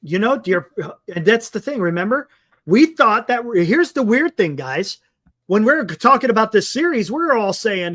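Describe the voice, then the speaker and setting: A man's voice: high voice, sing-song, moderate pace, sharp tone. A man co-hosting a casual sports talk show, chatting and reading out viewer comments, often repeating himself.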